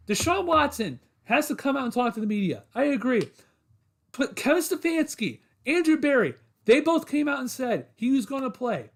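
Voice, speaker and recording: Sports podcast host, man, very high voice, frustrated solo rant to chat. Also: big pitch swings, normal speed, creaky. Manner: frustrated, repetitive, addresses chat as guys.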